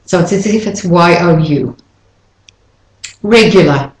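A woman teaching an English pronunciation lesson, saying words slowly and repeating each one for the listener to copy. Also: lowish voice, reverberant, rough recording.

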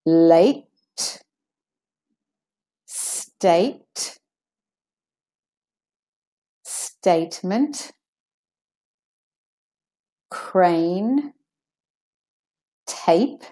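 A woman leads an English pronunciation lesson at an unhurried pace. Her voice sits a little low and sounds soft and mellow. She stretches out each example word with care. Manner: slow, careful, drawn-out word demonstrations. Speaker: pronunciation teacher.

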